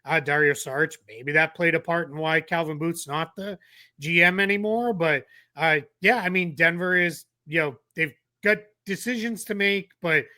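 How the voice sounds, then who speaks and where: Bright-voiced man chatting about basketball. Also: a little high, normal speed. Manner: animated, acts out quotes. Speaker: co-host. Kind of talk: casual sports talk.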